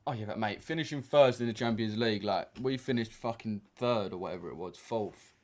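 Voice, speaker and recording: A young man on a livestream, working as a trading streamer, talks in a fairly low, darkish voice at a slightly fast clip. He banters casually in slang, his speech full of fillers and laid-back in manner.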